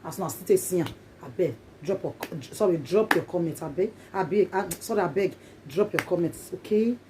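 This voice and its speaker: Speaking Pidgin English in a casual vlog, a Nigerian-accented woman addresses her viewers emphatically and says things over and over. She has a fairly low, brisk voice, and background noise can be heard.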